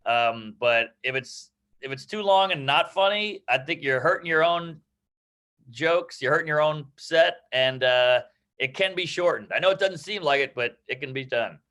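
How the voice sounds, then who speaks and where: Brash, bright-voiced comedian man. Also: fairly high pitch, lively intonation. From New York. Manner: brash, rapid, profane and self-mocking. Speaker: guest comedian. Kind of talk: casual advice in an online comedy class.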